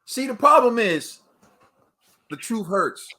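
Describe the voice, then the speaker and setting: High, bright-voiced American man ranting. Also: very animated, slow pace. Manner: emphatic, slangy, addresses viewers directly. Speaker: boxing show host. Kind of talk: animated commentary rant.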